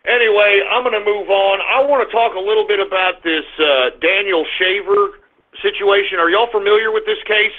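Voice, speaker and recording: A high-voiced man holds forth on his talk radio show, ranting and cursing and now and then breaking into loud outbursts. His voice comes through thin and tinny, like a phone line. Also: moderate pace. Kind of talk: call-in talk radio monologue.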